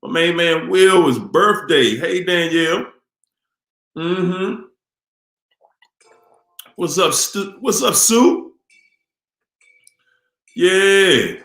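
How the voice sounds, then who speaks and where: A man's voice: high voice, lively intonation, drawn-out words, pauses often, a bit bright. A tired middle-aged man hosting a casual live stream, laid-back as he greets chat viewers by name. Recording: roomy echo with faint music.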